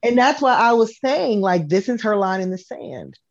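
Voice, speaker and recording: A woman co-hosting a podcast in casual chat, thoughtful and measured in how she weighs things. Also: on the high side, animated, dry recording, muffled recording. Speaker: podcast co-host.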